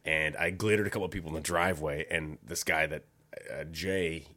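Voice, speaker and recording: A man casually telling a rowdy story on a podcast, swearing freely and jumping into high-pitched voices when quoting people. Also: fairly quick. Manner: animated, swearing, acts out voices with big pitch jumps. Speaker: podcast co-host.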